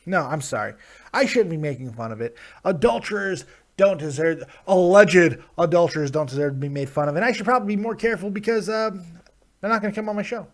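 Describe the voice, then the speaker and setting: A man's voice: high-pitched, quick pace. A man hosting a casual live-stream show, ranting with profanity and sarcasm while reading viewer chat. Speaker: host.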